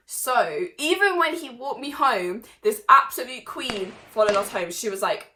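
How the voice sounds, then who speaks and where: A young woman tells a story from her teens straight to camera, her voice bright and forward. She talks in a chatty, animated way, laughing along and breaking into sudden loud bursts. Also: fairly high pitch, normal speed, few pauses. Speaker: vlogger.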